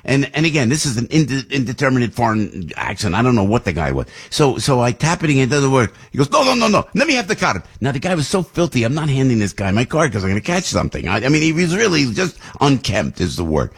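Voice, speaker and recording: A man hosting a radio talk show who tells a rambling, animated story with many restarts. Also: mid-range voice, fast, few pauses, husky. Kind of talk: casual storytelling chat.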